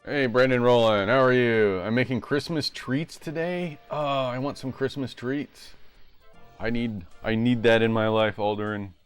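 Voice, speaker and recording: A man's voice: mid-range voice, fairly even intonation, a little slow, smooth, soft background music. A man live-streaming retro games, chatting casually and rambling as he plays at home. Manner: rambling, self-correcting.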